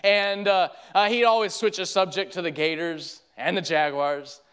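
High-voiced fervent preacher man. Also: fairly even intonation, moderate pace, a bit bright, smooth. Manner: fervent preaching, repeats phrases, addresses listeners as friend. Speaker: pastor. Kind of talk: sermon.

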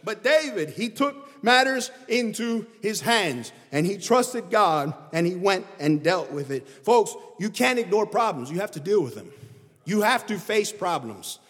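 A man preaching a sermon in a high voice, pressing each point with sudden swings in pitch and volume. His words ring out with a long hall reverb behind them. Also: big pitch swings, measured pace. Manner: emphatic preaching that rises and drops in pitch and loudness.

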